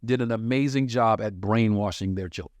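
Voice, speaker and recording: A male comedian from New York City telling his life story in a casual podcast chat, animated and profane, acting out the people he quotes. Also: fairly low pitch, fairly quick, dry recording. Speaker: touring comedian, podcast co-host.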